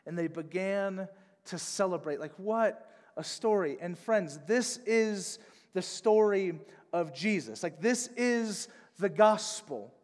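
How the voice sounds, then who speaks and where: A man preaching a sermon as pastor, emphatic, swinging between hushed and loud delivery. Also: high-pitched, expressive, takes it slowly, in a large hall.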